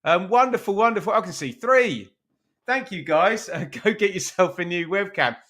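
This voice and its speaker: A man hosts a football watch-along live stream from his room at home. His voice sits a little higher than most men's, and he talks in a chatty, self-mocking way, reading out viewers' names. The sound is picked up at his computer. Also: expressive, normal speed, a bit bright. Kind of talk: casual live-stream chat. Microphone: webcam stream at his computer.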